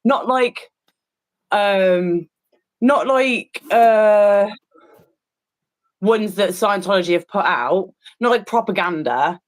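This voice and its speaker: A woman chatting casually while painting, with a middle-pitched voice. She tells a story in loose, rambling bursts, full of fillers and restarts. Her tone is incredulous and disgusted throughout. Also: animated, takes it slowly, pauses often, rough recording. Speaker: co-host of an art stream.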